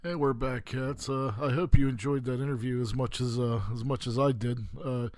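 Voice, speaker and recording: A man's voice: medium pitch, steady tone, normal speed, a little mellow, no echo. Male host, easygoing and rambling, dry and close. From western Pennsylvania. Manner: rambling, many "uh" fillers, calls listeners "cats". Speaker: podcast host. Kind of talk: casual chat.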